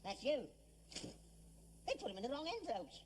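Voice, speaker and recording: A man's voice: very high voice, big pitch swings, normal speed, very noisy. A whining old London father. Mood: dismissive. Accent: London working-class. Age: older. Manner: whining, self-pitying, cutting. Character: cantankerous selfish old rag-and-bone father. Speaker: elderly father in a sitcom. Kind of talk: 1960s television sitcom acting.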